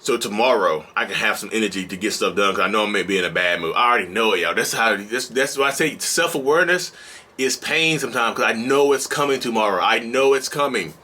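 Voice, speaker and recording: A male mental health vlogger talking straight to camera in a casual, energetic, preachy and colloquial way. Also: on the low side, fast talker. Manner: energetic and bouncy. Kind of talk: casual direct-to-camera vlog.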